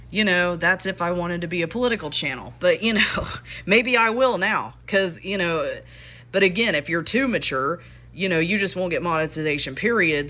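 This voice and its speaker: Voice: mid-range voice, sharp tone. A young adult YouTuber and custom figure maker in a rambling, frustrated vlog rant to viewers. The speaker is close to tears, and the voice rises as they talk. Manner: rambling, frustrated, many fillers.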